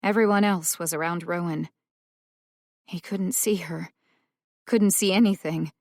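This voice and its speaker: A woman narrating a suspense audiobook in a measured, tense storytelling manner, close to the mic. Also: on the low side, steady tone, a little mellow, dry recording. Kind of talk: scripted narration.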